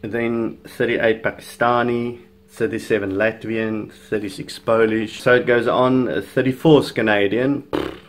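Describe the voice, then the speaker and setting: Speaking at a measured pace in a lowish voice with fairly even intonation, this fitness vlogger, a South African man who grew up speaking Afrikaans, offers talkative, opinionated commentary on video and chuckles frequently.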